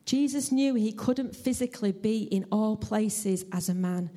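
A woman preaching a church sermon in an earnest, heartfelt, measured way and sharing her own testimony. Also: mid-range voice, dark tone. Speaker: lay preacher. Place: church service.

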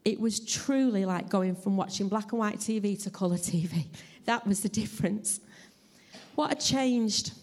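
A woman preaching a church sermon in an earnest, heartfelt, measured way and sharing her own testimony. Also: medium pitch, darkish tone. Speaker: lay preacher. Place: church service.

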